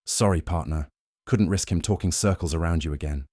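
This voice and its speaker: A man voicing a loyal, hot-headed male police partner in an audio story, urgent and loud. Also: sits low, a little fast, no echo, studio quality. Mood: wry. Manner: shouting, urgent.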